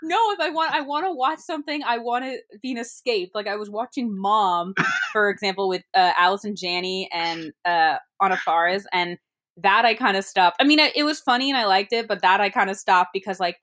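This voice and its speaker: A woman's voice: mid-range voice, a little fast, fairly bright tone. A woman in her thirties chatting casually about a movie, laughing often and acting out her own thoughts.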